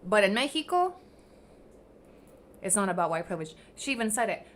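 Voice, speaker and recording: A woman's voice: a little high, very animated, normal speed, long pauses, a bit bright, a little hiss or hum. A young woman hosting a livestream, delivering a heated, profane commentary rant and hammering her points with repetition. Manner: fiery, profane, emphatic, repeats herself. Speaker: livestream host.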